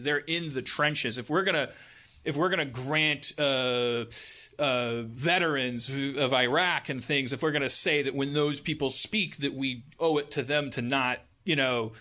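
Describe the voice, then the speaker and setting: A man hosting a talk show, telling a rambling, profane story and acting out the people in it. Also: medium pitch. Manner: profane, animated, acts out quoted people in raised voices. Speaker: podcast host. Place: live stage.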